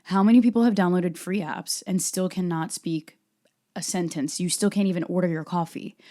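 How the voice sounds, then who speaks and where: Young woman from Brazil hosting a solo podcast; low, mellow voice, excitable and chatty. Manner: animated, talks fast and passionately, laughs at herself. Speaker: podcast host. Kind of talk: casual solo podcast talk.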